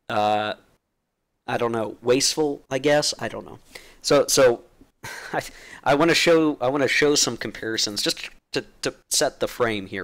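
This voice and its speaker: Guy rambling through his thoughts on his channel, mid pitch, lots of ums and restarts, clearing his throat bc he's still getting over being sick. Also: a bit bright. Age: adult, played since teenage years through college. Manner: rambling, with many fillers and restarts. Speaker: channel host. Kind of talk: casual informal essay.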